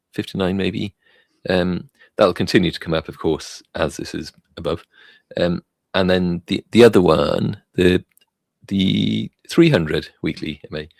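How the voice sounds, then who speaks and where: Deep gravelly guy mumbling thru crypto charts, lots of ums, dry close sound. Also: no room sound. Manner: rambling, halting, many fillers and restarts; thinks aloud while clicking through charts. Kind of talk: casual screen-share chart commentary.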